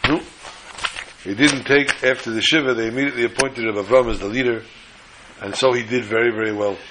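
A man telling religious stories in an animated, dramatic way, repeating phrases for effect. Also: mid-range voice, fairly quick, background noise. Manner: animated, dramatic storytelling with repetition. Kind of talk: storytelling lesson.

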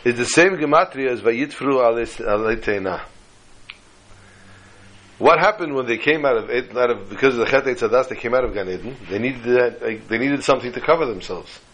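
A man teaching a Torah class, telling a story and drawing slow, emphatic lessons from the text. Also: mid-range voice, fairly bright tone, low-quality recording. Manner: storytelling, acting out dialogue with slow emphatic phrases.

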